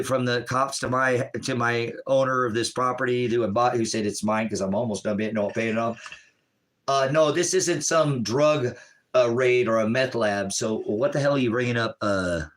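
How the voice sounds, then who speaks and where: Middle-aged man, rambling livestream host, animated, jumps between asides. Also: mid-range voice, normal speed, low-quality recording.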